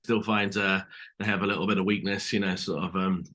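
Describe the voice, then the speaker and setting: Low and flat, with a sharp edge and a fairly quick pace, the voice belongs to a British actor chatting casually as an interview guest. He speaks loosely and haltingly, peppered with fillers and restarts.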